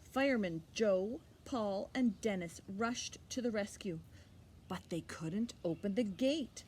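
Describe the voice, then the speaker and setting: A woman librarian reading a picture book aloud to children, expressive and animated, pausing for little asides to the listener. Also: mid-range voice, slight background noise. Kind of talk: storytime read-aloud for children.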